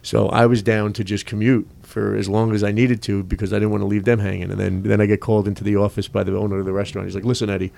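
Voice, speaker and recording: A man telling a story on a casual podcast, quick, swearing, and acting out the lines people said to him. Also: lowish voice, level tone, creaky, warm tone. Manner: rapid, swearing anecdotes with quoted dialogue. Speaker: DJ guest.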